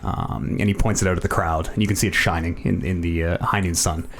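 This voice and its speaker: A man's voice: low-pitched, fairly even intonation, brisk, a bit bright. A man narrating as dungeon master, with many ums and restarts. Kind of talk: narrating a tabletop game.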